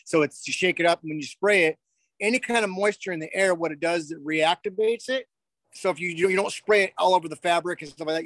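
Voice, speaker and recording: A man rambles through a hands-on explanation of his work, stopping for fillers as he goes. His voice is fairly high and the recording is dry. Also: fairly bright tone, no echo. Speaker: car detailer guest. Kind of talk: casual chat.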